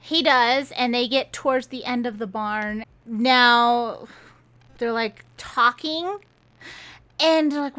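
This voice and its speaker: A woman's voice: fairly high pitch, takes it slowly, a bit bright. A woman giving a casual, sarcastic rant of a book review, exasperated and incredulous.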